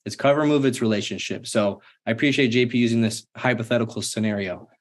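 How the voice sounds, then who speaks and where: A man in his thirties co-hosts a leadership Q&A. He talks earnestly at a mid-range pitch and often tells a personal story. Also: fast. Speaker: co-host. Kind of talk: casual Q&A talk.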